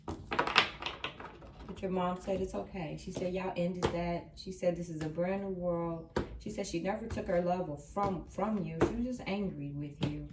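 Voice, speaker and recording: A woman's voice: on the low side, steady tone, a little slow, heavy background noise. A woman doing a tarot reading for viewers, reassuring and emphatic, repeating her key lines. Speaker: tarot reader. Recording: roomy sound from a distant mic.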